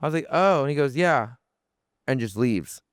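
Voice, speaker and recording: Young male podcast guest, smooth clear voice, mid pitch, animated rambling storyteller. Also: moderate pace, no room sound, studio quality. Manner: animated, lots of fillers and restarts, swears freely. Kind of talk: casual storytelling.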